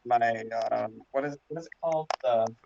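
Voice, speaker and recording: A man, a drag performer, telling funny stories in casual chat on a livestream, rambling and animated. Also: mid-range voice, normal speed. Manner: rambling, animated, acts out quoted voices loudly. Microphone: video call. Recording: dull lo-fi sound with clear background noise.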